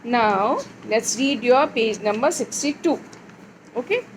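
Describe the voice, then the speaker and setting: A woman teaching a young child phonics, reading words slowly and clearly and repeating them. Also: fairly high pitch, expressive, a little hiss or hum, low-quality recording.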